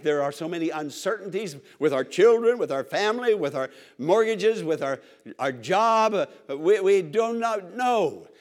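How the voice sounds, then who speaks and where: A man preaching a sermon to a congregation, emphatic and repetitive, calling for responses. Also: a little high.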